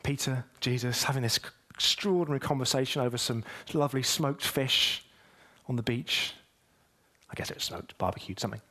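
A man preaching a sermon, speaking straight to the congregation and building to emphatic peaks. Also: a little fast. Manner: emphatic, with wide swings in pitch and loudness.

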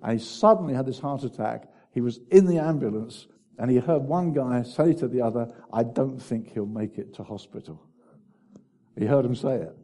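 Husky, dynamic male preacher. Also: mid-range voice, normal speed. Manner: swings between loud exclaiming and hushed, intimate asides. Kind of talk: sermon.

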